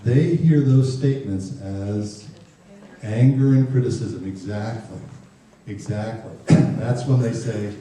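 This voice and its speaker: A man's voice: lowish voice, warm tone, slight background noise. Man lecturing parents in an echoey hall. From Ireland. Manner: jokey, acts out parents and teens in quick voices. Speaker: speaker giving a parenting talk. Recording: far, echoey hall recording.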